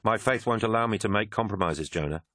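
A man's voice: on the low side, quick pace, a bit bright, no room sound, clean studio sound, pitched above the performer's own voice, lightly acted. A man voicing an earnest, devout male war machine pilot who speaks with stubborn zeal in an audiobook. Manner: stubborn, zealous. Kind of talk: audiobook character voice.

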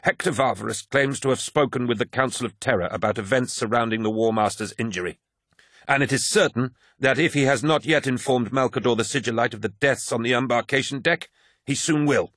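A man reading an audiobook, voicing a scheming male warrior who speaks in a measured, menacing way. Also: medium pitch, fairly bright tone, no echo, clean studio sound, pitched above the performer's own voice, lightly acted. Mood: grave. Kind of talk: audiobook character voice.

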